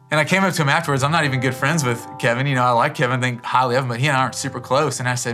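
A man's voice: mid-range voice, steady tone, rapid-fire, hardly any pauses, sharp tone, faint music behind. A man pastor preaching a sermon and leading a closing prayer, earnest and conversational, often saying "man" and "you know". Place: church service.

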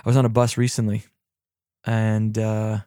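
A man hosting a podcast on mindful listening, calm and unhurried with self-mocking humor, who moves into guiding a meditation. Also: lowish voice, smooth, no echo, studio quality. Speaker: podcast host and meditation teacher. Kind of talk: reflective podcast talk and guided meditation.

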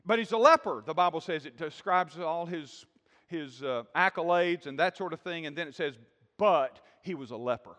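High-voiced preacher in a reverberant hall. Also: male voice, lively intonation, moderate pace, fairly bright tone, muffled recording. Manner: preaching with rhetorical questions to the congregation. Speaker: pastor. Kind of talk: sermon.

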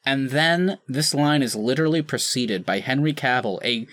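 A man co-hosting a podcast, talking in an animated, sarcastic and profane way. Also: mid-range voice, normal speed, few pauses, dry recording. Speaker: podcast co-host. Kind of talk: casual podcast chat.

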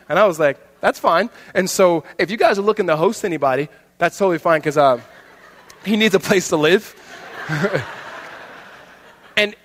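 A man's voice: a little high, a bit bright. A man in his thirties, a pastor telling a family story in a conversational sermon, with frequent restarts. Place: church hall. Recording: long hall reverb.

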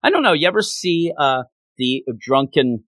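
A man's voice: fairly high pitch, normal speed, dry recording. A man in casual chat, reviewing a comic issue and acting out scenes as he retells them. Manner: animated, retells scenes with acted quotes; frequent fillers and restarts.

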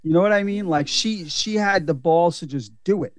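A man's voice: high-pitched, moderate pace, no echo. A man co-hosting a podcast, talking about a film in an emphatic, enthusiastic way and swearing freely. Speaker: podcast co-host. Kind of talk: casual movie review chat.

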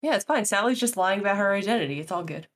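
A woman playing in a tabletop game, chatting in a relaxed, agreeable way. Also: mid-range voice, quick pace. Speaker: player. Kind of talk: casual tabletop game chat.

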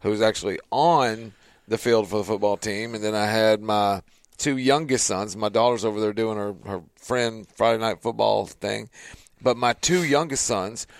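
A man's voice: on the low side, normal speed, no echo. A man, hosting a show and telling a family story casually, acting out the voices in his quotes. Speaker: podcast host.

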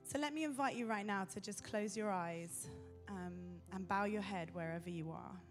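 A woman preaching a sermon in an earnest, pausing way. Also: medium pitch, soft background music.

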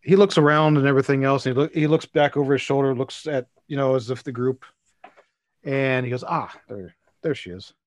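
A man runs a tabletop game, narrating scenes in a quick, rambling way full of restarts. His voice is of middling pitch and the sound is close and dry. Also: little pitch movement, no room sound. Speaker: game master.

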